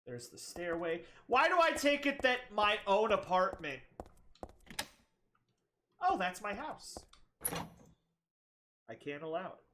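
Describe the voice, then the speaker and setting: A woman's voice: medium pitch, very animated, takes it slowly, pauses often, fairly bright tone, slight background noise. A woman streamer giving casual, jokey and sarcastic commentary while playing a game. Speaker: gaming streamer. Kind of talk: casual let's play commentary.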